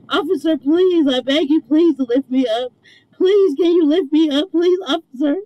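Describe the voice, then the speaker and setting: A woman's voice: high-pitched, normal speed, mellow, slight background noise, low-quality recording. A young woman in pain, crying and begging over and over from the back of a moving police car. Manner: begging, repeating herself. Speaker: detained woman.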